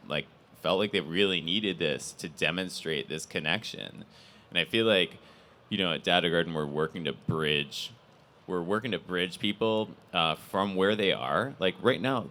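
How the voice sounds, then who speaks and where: A man with a very low voice hosts a conference panel. He talks in a loose, rambling way, restarting sentences and filling gaps with "uh" and "you know.". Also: sharp tone. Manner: rambling, many restarts and fillers. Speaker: panel host. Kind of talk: casual panel talk.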